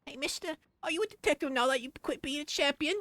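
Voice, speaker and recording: A man reading video game characters' lines aloud in a high, sing-song put-on voice. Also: quick pace, sharp tone. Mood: playful.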